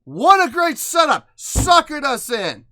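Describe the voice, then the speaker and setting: A man hosting a music reaction video, emotional and excitable, moving between hushed awe and loud outbursts. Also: very high voice, slow. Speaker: reaction channel host.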